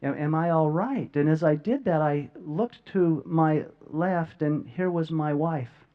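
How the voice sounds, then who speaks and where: Man, live talk to audience, earnest, heartfelt, halting, repeats words, dull lo-fi sound. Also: on the high side. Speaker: speaker sharing a near-death experience. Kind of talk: emotional public talk to an audience. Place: stage before a live audience.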